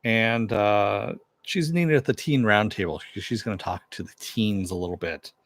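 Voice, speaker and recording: A man's voice: on the low side, normal speed, a bit bright, dry recording. A man giving a casual recap of a TV episode, retelling it loosely with fillers and asides. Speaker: TV episode reviewer.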